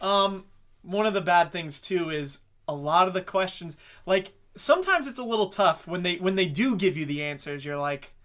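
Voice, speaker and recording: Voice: mid-range voice, animated, moderate pace, a bit bright. A podcast co-host in casual anime review chat, swearing freely and mockingly acting out scenes.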